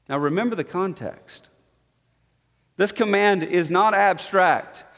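A man with a high voice delivers a sermon from the pulpit, his words ringing with a long hall reverb. He drops to hushed, low tones for weight, then builds back up to emphatic, insistent statements. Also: slow pace, pauses often. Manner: dynamic preaching, dropping to soft low tones and rising to emphatic. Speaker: pastor.

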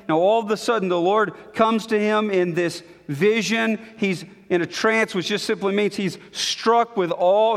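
A man with a high voice preaches slowly, lingering on words with dramatic pauses and repeating lines for emphasis. His voice rings out with the long reverb of a large church hall. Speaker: pastor. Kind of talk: sermon.

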